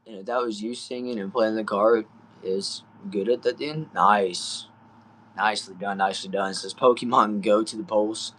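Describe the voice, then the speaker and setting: A man's voice: on the low side, steady tone, normal speed, fairly bright tone. A young man from Texas with a Southern accent, chatting easygoing on a livestream from a small back shed, reading viewer comments and saying y'all and bro. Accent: Southern US, Texan. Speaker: livestream host.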